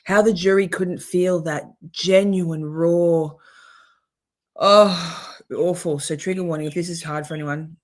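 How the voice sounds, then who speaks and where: A woman's voice: on the low side, fairly even intonation, a little slow. A woman, hosting a casual livestream and chatting loosely as she reacts to trial footage. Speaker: livestream host. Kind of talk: casual live commentary.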